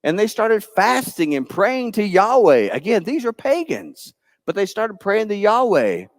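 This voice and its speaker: A man pastor, telling a Bible story to children in church with lively, playful asides. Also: high voice, a little slow, dry recording, studio quality. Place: church sanctuary.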